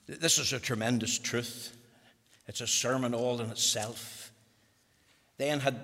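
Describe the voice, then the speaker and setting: Northern Irish man, pulpit preacher, forceful bright delivery with near-whispers, long hall reverb. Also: medium pitch. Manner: animated, swinging between loud emphasis and near-whispers. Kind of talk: sermon.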